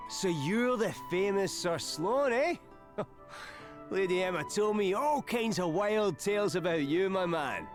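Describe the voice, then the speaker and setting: Hearty folksy local, game music behind. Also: male voice, sits high, lively intonation, a little slow. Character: jovial man meeting a famous knight. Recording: game audio under music.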